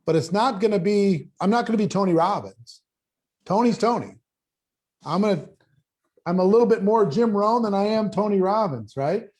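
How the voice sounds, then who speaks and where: Man, panel host, speaking coach, high voice, emphatic, repeats questions. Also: warm tone. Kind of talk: coaching talk on video panel.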